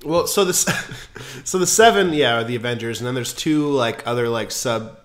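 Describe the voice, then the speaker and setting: A man hosting a casual podcast, retelling a story in an animated, profane way full of fillers. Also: medium pitch, moderate pace. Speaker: podcast host.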